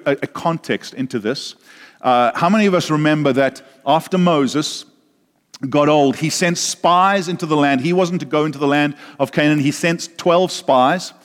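Male preacher, fairly high voice, earnest sermon, stumbles over repeats, long hall echo. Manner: earnest, with frequent repeated words and questions to the congregation. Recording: long reverb of a large hall.

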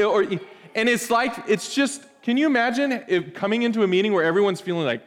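A man in his thirties, a pastor preaching a sermon, telling stories in an animated, playful way with asides to the congregation. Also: high-pitched, fairly quick, in a large hall.

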